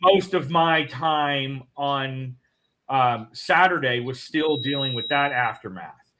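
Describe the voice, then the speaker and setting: A man's voice: medium pitch, slow, noisy background. A man co-hosting a casual morning show, telling a long rambling story. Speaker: co-host.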